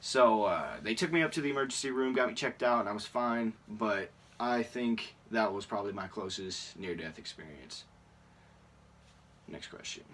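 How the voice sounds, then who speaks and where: A teenage boy talks through a casual question-and-answer vlog in a slightly low voice. He rambles, fills gaps with lots of ums and uhs, and chuckles at his own stories. He sounds a little distant from the microphone. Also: animated, moderate pace, fairly bright tone. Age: teens. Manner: rambling, many fillers, laughs at himself. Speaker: YouTuber.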